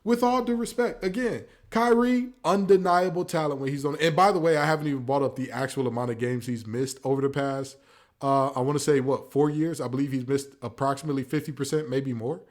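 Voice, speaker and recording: A man's voice: medium pitch, fairly quick. A man hosting a casual sports talk show, ranting with mock quotes. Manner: animated, preachy rants with mock quotes. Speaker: podcast host.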